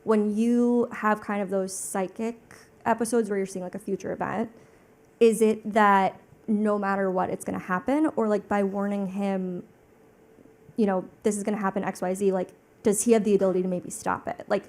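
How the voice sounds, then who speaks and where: A woman's voice: medium pitch, steady tone, normal speed, a little mellow. A woman moderating a live onstage interview, asking long, casual questions full of fillers.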